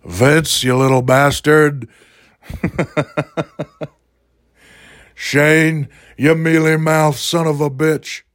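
A gruff, belligerent tough-guy wrestler , put on by a man, snarls insults in a raised, rough voice. He uses a blunt, cocky drawl. The taunts are short and rough. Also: on the high side, flat delivery, drawn-out words, pauses often, a bit bright, no room sound, studio quality, pitched above the performer's own voice. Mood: taunting. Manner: growling, insulting.

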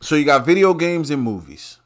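Animated man ranting on his podcast. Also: a little fast. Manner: animated, swearing, sudden loud jumps in pitch. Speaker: podcast host. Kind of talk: casual ranting monologue.

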